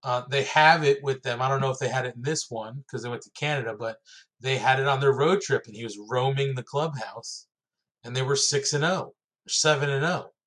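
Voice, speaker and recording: A man co-hosting a casual podcast in a mid-pitched, ordinary voice. He talks in quick banter, laughing often and swearing freely. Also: fairly bright tone. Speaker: podcast co-host. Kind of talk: casual chat.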